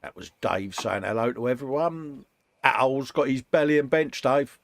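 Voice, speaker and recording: A man's voice: medium pitch, moderate pace, gravelly, dry recording. A British man co-hosting a model-making live stream, chatting casually and reading out viewer comments. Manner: chatty, calls people mate, laughs often.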